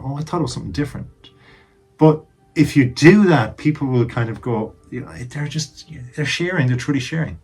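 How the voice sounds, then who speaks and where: A man's voice: mid-range voice, a little mellow, husky. A man casually giving advice on telling jokes to camera, chatty and emphatic, dropping jokey asides while seated indoors.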